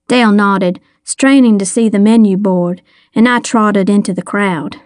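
A woman reading a first-person story with wry, deadpan humor. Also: mid-range voice, moderate pace, no echo, clean studio sound. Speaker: audiobook narrator.

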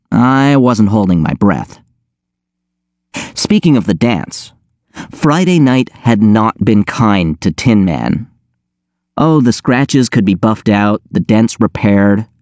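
A man reading a first-person audiobook in a wry, deadpan manner. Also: fairly low pitch, no room sound, clean studio sound. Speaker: audiobook narrator.

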